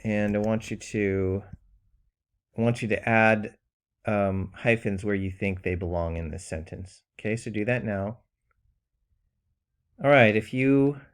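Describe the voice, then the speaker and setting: A man teaching a recorded grammar lesson, patient and plain, with frequent ums and pauses while he explains. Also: lowish voice.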